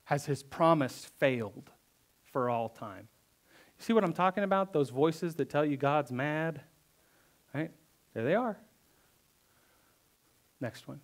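A pastor preaching a conversational sermon, reading verses aloud and then acting them out with emphatic repetition. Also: male voice, on the high side, lively intonation, takes it slowly, long pauses. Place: church.

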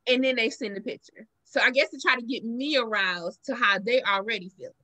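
A woman with a Southern US accent chats casually as a podcast co-host. Her voice sits high and sounds bright. She tells stories with animation and acts out the lines she quotes. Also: moderate pace. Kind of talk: casual chat.

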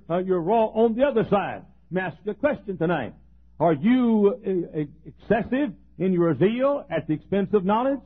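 A man's voice: high-pitched, husky. A man preaching a sermon in a folksy way, chuckling and restarting his sentences as he goes. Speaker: pastor. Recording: tinny phone-like old tape.

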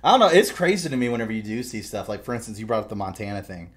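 A man hosting a podcast, telling stories in casual chat with lots of swearing and animated retelling. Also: on the low side, rapid-fire. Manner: profane, animated storytelling. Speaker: podcast host.

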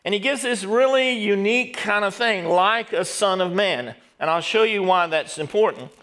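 A middle-aged pastor delivers a sermon in a fairly high voice. He talks straight to the congregation and has them say words back to him. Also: moderate pace, fairly bright tone, smooth. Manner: preaching with call-and-response to the congregation.

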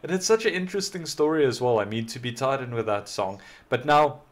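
A man's voice: mid-range voice, lively intonation, fairly quick. A man hosting a reaction video, giving enthusiastic, rambling commentary and often repeating himself. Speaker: reaction channel host.

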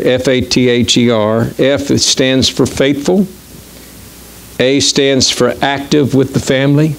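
Preaching in a church, this middle-aged male pastor talks in a casual, halting way, often stumbling with fillers and starting over. His voice is medium in pitch, and there's slight background noise.

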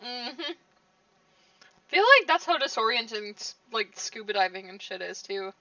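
Bright-voiced woman streamer, playful gaming chatter. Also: a little high, expressive, measured pace, dry recording, recorded from a distance, lo-fi sound. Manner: laughs often, playful reactions. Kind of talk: casual gameplay commentary.

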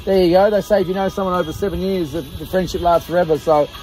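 Outdoors at a campsite at night, an Australian vlogger in his thirties films a casual video with his mates, joking, teasing and laughing a lot. His voice sits high and steady, quick-paced yet dark in tone, with soft music in the background.

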